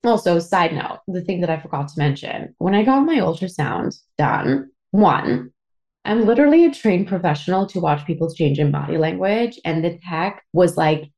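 A woman's voice: lowish voice, a little mellow. Tearful Canadian woman in her thirties. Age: 30s. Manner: emotional, swearing, lots of fillers. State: tearful at times. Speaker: podcast host. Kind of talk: candid personal storytelling.

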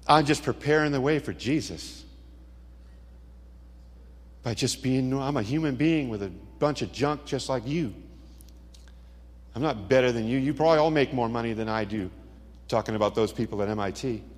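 A man's voice: mid-range voice, moderate pace, pauses often. A middle-aged man giving a dramatic testimony sermon, telling stories with punchy asides. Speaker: Christian speaker. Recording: long hall reverb.

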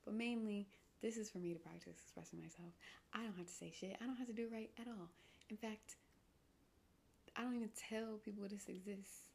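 A woman's voice: mid-range voice, steady tone, brisk, vocal fry, a little mellow, a little hiss or hum. A young woman hosting her own solo podcast, rambling off topic, mocking herself and often dropping into whispers. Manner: digressive, self-mocking, drops into whispers. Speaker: podcast host.

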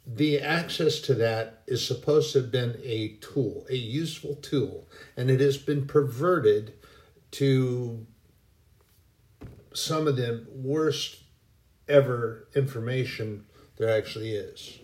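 A man giving a casual devotional talk in a folksy, rambling way, with many pauses and restarts. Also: medium pitch, a little mellow. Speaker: Christian speaker.

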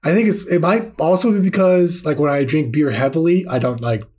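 A man's voice: a little high, brisk, a little mellow. A young adult man co-hosting a comedy podcast, chatting bluntly and with disbelief. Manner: incredulous, blunt, rambling. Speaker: podcast co-host. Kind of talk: casual comedic podcast chat.

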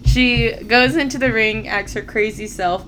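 Slow-talking giggly woman. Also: on the high side, over music, low-quality recording. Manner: giggly, enthusiastic, drawn-out emphasis. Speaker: podcast co-host. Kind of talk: casual wrestling recap chat.

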